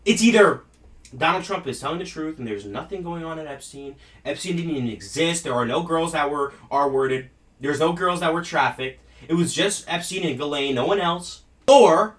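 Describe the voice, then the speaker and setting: A man's voice: on the high side, lively intonation, moderate pace, fairly bright tone, far from the mic. A man hosting a political talk show, ranting in a heated, profane, mocking way. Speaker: show host.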